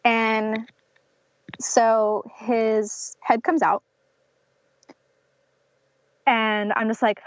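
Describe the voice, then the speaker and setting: A woman's voice: on the high side, little pitch movement, very slow, long pauses, dry recording. A young woman from North Carolina telling a personal story as a podcast guest, with many fillers like "um" and "like", acting out what others said to her. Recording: slightly dull lo-fi podcast audio.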